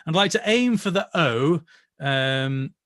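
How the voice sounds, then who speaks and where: A man with a British accent leading an online choir rehearsal, singing each part and then gently explaining it. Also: a little high, expressive, slow, no echo, clean studio sound. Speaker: choir director. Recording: voice over loud music playback.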